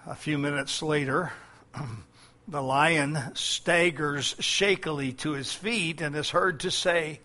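A man's voice: on the high side, takes it slowly, pushed and bright. A man preaching a sermon as pastor, with frequent fillers and key phrases repeated.

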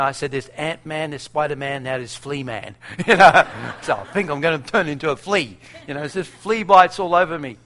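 A man's voice: fairly high pitch, sharp tone. A middle-aged man telling a missionary story to an audience, acting out dialogue and laughing often. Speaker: missionary speaker.

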